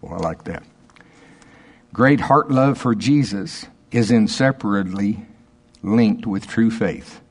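A man preaching in a lowish voice, earnest and emphatic. He reads quoted passages slowly and breaks off to check in with his listeners. His delivery is that of a pastor giving a sermon. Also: breathy edge.

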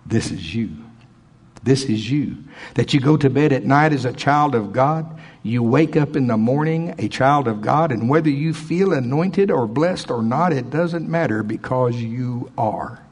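A man preaching a sermon in church, swinging between loud emphatic lines and quiet asides. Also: medium pitch, measured pace, slightly rough.

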